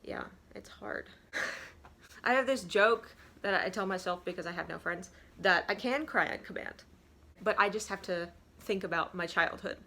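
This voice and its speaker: A woman's voice: medium pitch, moderate pace, pushed and bright. A young woman vlogger talking casually and self-deprecatingly, full of "like" and asides. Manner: rambling, self-deprecating, frequent "like". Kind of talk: casual confessional tips.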